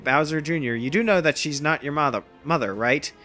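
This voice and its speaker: A man's voice: a little high, brisk, bright, forceful tone, faint music behind. A man giving casual, rambling, self-deprecating let's play commentary over a video game. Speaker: gameplay commentator.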